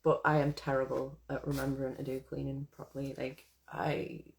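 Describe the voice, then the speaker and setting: A woman's voice: extremely low pitch, flat delivery, normal speed, creaky, slight background noise. A woman poet chatting casually to her viewers, rambling and swearing, then reading her own poem aloud. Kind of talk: casual live chat and poetry reading.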